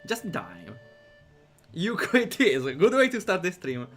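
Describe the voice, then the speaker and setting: A man's voice: high-pitched, huge pitch swings, measured pace, fairly bright tone, soft background music. A man streaming a visual novel, reading it aloud, chatting with viewers and laughing often.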